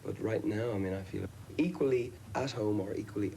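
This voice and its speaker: A man's voice: lowish voice, a little fast, gravelly, mellow. An Irish man, a rock singer, talking reflectively in an interview and telling stories with many restarts. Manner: reflective, anecdotal, with restarts and fillers. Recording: hissy old VHS tape.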